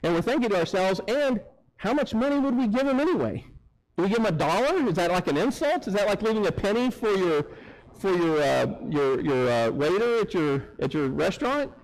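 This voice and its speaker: A man preaching a sermon, telling a story in an animated way and acting out the people in it. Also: high voice, fairly quick, rough recording. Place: church sanctuary.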